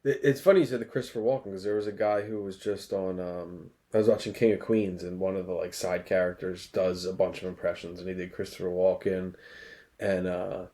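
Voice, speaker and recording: A man in his thirties co-hosting a podcast, talking in casual, excited chat and saying dude a lot. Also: sits low, fairly quick. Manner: enthusiastic, says dude a lot. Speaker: podcast co-host.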